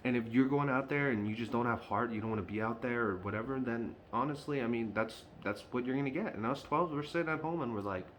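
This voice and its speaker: Fast and barely pausing, a man with a medium-pitched, slightly bright voice vents to camera in an unscripted sports fan vlog. He sounds frustrated and emphatic, repeating his points often, and there's a little hiss or hum.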